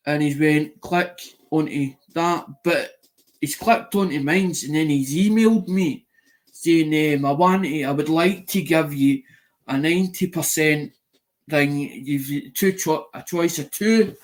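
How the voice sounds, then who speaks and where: A man with a slightly higher-than-usual voice hosts a live mail-call stream, chatting straight to his viewers. He tells a winding story in plain, casual talk, restarting his sentences often and acting out what others said to him. He swears now and then without pausing. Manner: retells conversations by quoting them. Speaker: channel host doing a live mail call.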